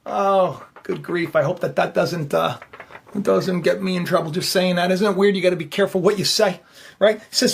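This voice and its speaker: Hosting his own online commentary show, this YouTuber rambles in a jokey, casual way and repeats himself a lot. His voice sits high and is creaky, slightly rough, and a little fast.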